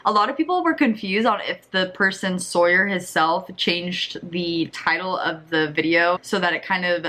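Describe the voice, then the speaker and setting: Bright-voiced young woman commentator. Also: on the low side, normal speed. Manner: skeptical, exasperated asides. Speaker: commentary YouTuber. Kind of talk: casual commentary.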